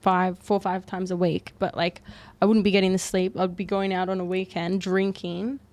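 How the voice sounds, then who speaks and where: A woman's voice: on the low side, level tone, normal speed, darkish tone. Giggly young Australian woman chatting. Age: young adult. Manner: giggly, lots of fillers and likes. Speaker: podcast guest. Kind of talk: casual chat.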